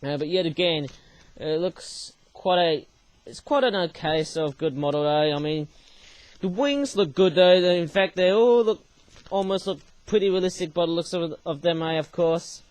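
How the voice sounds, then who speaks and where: A man's voice: a little high, normal speed, a little mellow, no room sound. A young man hosting his own channel, casually reviewing paper toys he made, rambling and tacking small tag words onto his sentences.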